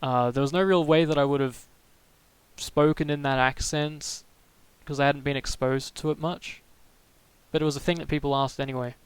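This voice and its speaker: A young man from Melbourne, chatting casually on his live stream with many halting restarts, answering viewers' comments. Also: fairly high pitch, steady tone, clean tone, no echo, low-quality recording. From Melbourne, Australia. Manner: rambling, halting, restarts sentences often.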